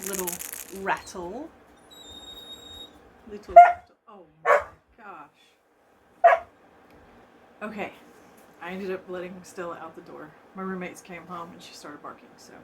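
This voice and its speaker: A woman chatting casually to her viewers from a room at home as she unboxes a gift, excitable and gushing, laughing often and repeating herself. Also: lowish voice, noisy background. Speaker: vlogger opening a gift box.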